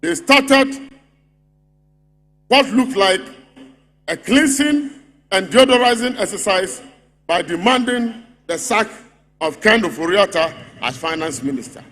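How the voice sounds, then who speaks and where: A Ghanaian man with a high voice delivers a rally speech in a mocking, rhetorical manner. He keeps hammering a repeated refrain, and his voice rings with the long reverb of a big congress hall. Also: animated, measured pace, long pauses, a bit bright. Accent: Ghanaian English. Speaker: party speaker at a congress.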